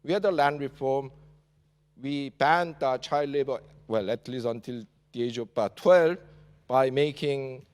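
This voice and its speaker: A man's voice: medium pitch, normal speed. A man from South Korea with a Korean accent gives a university lecture in English. He talks with many "uh" fillers and ends points with a questioning "yeah?". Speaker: guest lecturer. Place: large lecture hall. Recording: reverberant lecture hall.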